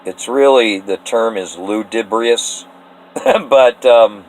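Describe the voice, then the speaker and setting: A man from Eastern Washington pitching a story idea in a rambling, earnest, often emotional way, laughing between thoughts. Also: slow, poor audio. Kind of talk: casual spoken story pitch.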